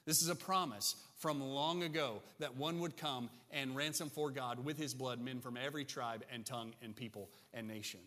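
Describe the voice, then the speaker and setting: A man's voice: mid-range voice, moderate pace, few pauses, pushed and bright. A male pastor preaching a sermon to his congregation, emphatic and often checking in with "right?". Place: church sanctuary. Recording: long church reverb.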